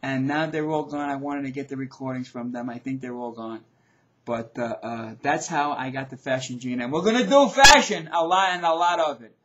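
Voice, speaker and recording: A middle-aged man hosting his own show, ranting in a loud, profane, repetitive way. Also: mid-range voice, fairly even intonation, normal speed, lo-fi sound. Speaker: show host. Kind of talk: ranting video commentary.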